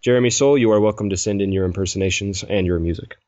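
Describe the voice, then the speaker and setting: A man's voice: on the low side, racing, a little mellow, no room sound. A man hosting a casual podcast, rambling and laughing as he reads listener mail. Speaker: podcast host. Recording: dull lo-fi podcast mic.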